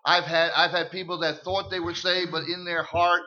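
An older man preaching his testimony in church, emphatic and folksy, repeating words and swinging from hushed tones to loud shouts. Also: high voice, little pitch movement, moderate pace. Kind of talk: sermon testimony. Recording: muffled lo-fi recording.

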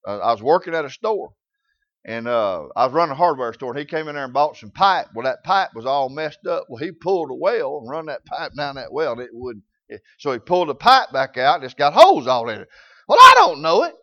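A man's voice: mid-range voice, animated, a little fast, fairly bright tone, highs cut off. A man preaching a sermon, telling folksy stories in rural grammar.

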